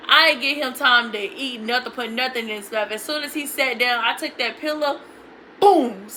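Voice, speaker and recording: A woman's voice: sits high, normal speed, sharp tone, a little hiss or hum, low-quality recording. A young woman vlogging a casual storytime, retelling it bluntly with lots of profanity.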